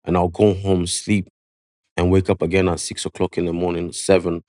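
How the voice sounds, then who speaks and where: A man with a London accent, a barber telling his story in a casual podcast interview, slangy and animated, full of "yeah" and "you know what I mean". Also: deep voice, normal speed, no room sound, clean studio sound. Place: podcast studio.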